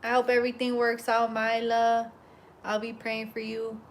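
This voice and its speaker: Animated woman telling stories on a livestream. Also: fairly high pitch, moderate pace, a little hiss or hum. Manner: animated storyteller, laughs while talking; greets and chats with live viewers. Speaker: hair braider livestreaming. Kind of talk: casual livestream storytelling.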